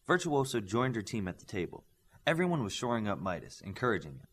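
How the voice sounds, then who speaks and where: A man reading a novel aloud as an audiobook narrator, raising his voice for dialogue and dropping low for the speech tags. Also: very animated, fast, husky. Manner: lifts pitch and volume for dialogue, drops low for tags.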